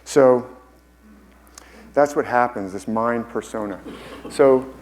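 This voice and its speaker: Male conference speaker, mid-pitched, enthusiastic, quick to rephrase. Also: darkish tone, poor audio. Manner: enthusiastic, repeats and restarts phrases. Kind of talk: conference lecture. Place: conference hall.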